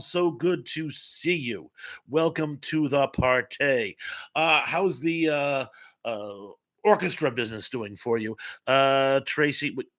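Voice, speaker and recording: A man's voice: on the high side, fairly bright tone. Chatty man hosting a casual live stream. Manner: rambling, chatty, many fillers and playful asides. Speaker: livestream host. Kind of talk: casual live-stream chat, reading out viewer comments. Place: home room with some echo. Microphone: streaming mic without headphones.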